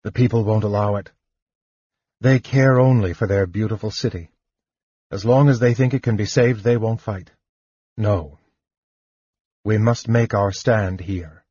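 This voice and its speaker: Steady, restrained noble knight, read by a man, low and muffled. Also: slightly rough, no echo. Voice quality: measured, controlled. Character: earnest, honorable male knight, restrained. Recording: muffled lo-fi audiobook recording.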